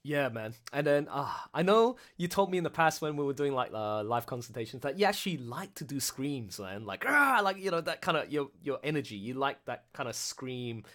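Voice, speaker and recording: Give me an excitable man hosting a casual voice-actor stream, his voice rising and falling all over. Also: medium pitch, fairly quick, hardly any pauses. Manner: excitable, rambling, laughs often. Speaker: livestream host.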